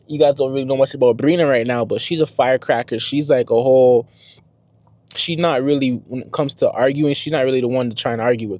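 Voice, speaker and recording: A man's voice: medium pitch, no room sound. A young man and first-time father telling a story to the camera in a casual, slangy vlog style. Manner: slangy, conversational, animated retelling.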